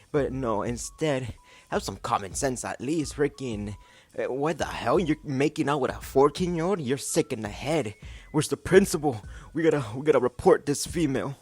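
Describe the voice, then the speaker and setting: A man's voice: medium pitch, expressive, normal speed, breathy edge, no echo. A man hosting a reaction video, making mocking, exasperated comments in a casual way.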